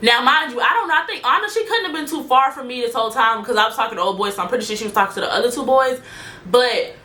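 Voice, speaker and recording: A woman's voice: a little high, animated, fast, pushed and bright. A young woman telling a story in casual chat, slangy and talking straight to her viewers. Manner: chatty, slangy, addresses viewers directly. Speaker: storyteller vlogger.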